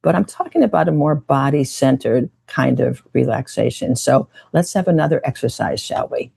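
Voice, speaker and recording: A woman meditation teacher who leads a slow, gentle guided meditation and talk, often repeating her phrases. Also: a bass voice, lively intonation, vocal fry, husky, no room sound.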